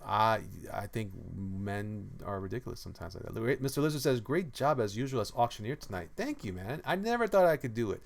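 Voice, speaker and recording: A man's voice: lowish voice, big pitch swings, fairly quick, gravelly, hardly any pauses. A man streaming as a comic artist, chatting casually and playfully with his viewers, often trailing off and repeating himself. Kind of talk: casual livestream chat, reading comments aloud.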